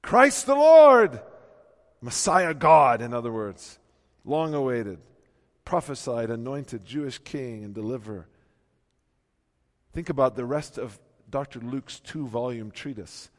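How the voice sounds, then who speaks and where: A man's voice: medium pitch, unhurried. Impassioned preaching man in a reverberant hall. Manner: impassioned preaching, swinging from hushed to loud emphatic peaks. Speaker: pastor. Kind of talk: sermon. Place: church.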